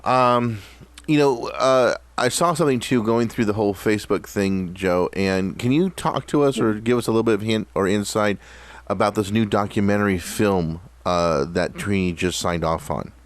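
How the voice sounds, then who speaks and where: A man's voice: fairly low pitch, moderate pace, no room sound. A man hosting a podcast, affirming his guest and asking follow-up questions. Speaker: podcast host. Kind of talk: interview questions.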